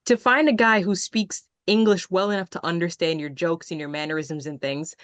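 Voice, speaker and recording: Lively Jamaican woman host. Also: on the low side, normal speed, dry recording. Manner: animated, expressive storytelling. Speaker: podcast host. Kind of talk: casual chat.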